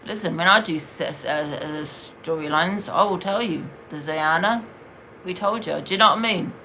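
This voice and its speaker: A woman's voice: lowish voice, normal speed, sharp tone, a little hiss or hum. A woman hosting a casual livestream, talking bluntly and rambling with swearing. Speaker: livestream host.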